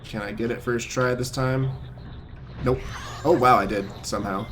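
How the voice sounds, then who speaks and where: A man's voice: mid-range voice, steady tone, moderate pace, a bit bright, a little hiss or hum. A man streaming a speedrun, chatting casually and explaining his tricks as he plays. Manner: laid-back, explains tricks while playing. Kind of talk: casual live-stream chat. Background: faint game music.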